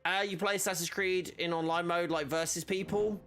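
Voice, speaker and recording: A man talks loosely over his game stream, trailing off and restarting his thoughts as he goes. His voice sits a little high for a man, and faint music plays in the background. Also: fairly even intonation, normal speed, fairly bright tone. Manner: rambling, chatty, many fillers and restarts. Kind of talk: casual gaming stream chat.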